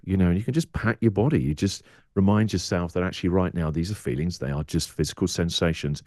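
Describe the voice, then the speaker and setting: Deep-voiced English man, candid. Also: animated, quick pace, darkish tone, dry recording, clean studio sound. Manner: reflective, acts out his inner voice in quoted asides. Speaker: radio presenter and guest. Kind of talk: candid podcast interview.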